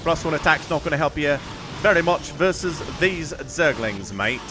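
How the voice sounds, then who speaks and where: A man voicing a cheery, over-the-top Australian game caster with a put-on accent, exaggerated slang and a raised, loud voice. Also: a little high, expressive, normal speed, over music, lightly acted. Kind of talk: mock-Australian game commentary.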